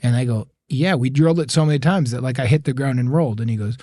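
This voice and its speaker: A man's voice: medium pitch, fast, no echo. A man, a guest on a podcast, telling a story in a loose casual way, acting out the dialogue and laughing often. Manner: animated, acts out quoted dialogue, laughs often.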